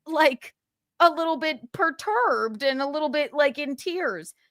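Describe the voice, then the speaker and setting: A fairly high-voiced woman hosting a casual gossip livestream, indignant and quick to swear. Her voice is recorded close and dry, with almost no room sound. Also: lively intonation, a bit bright, no echo. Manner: indignant, swears a lot, reads out texts. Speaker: livestream host.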